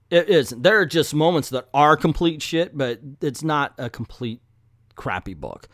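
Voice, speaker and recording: A man's voice: on the high side, animated, measured pace, no room sound, clean studio sound. A man with a slight Southern drawl, ranting bluntly and profanely as a comic book reviewer in an exasperated vlog.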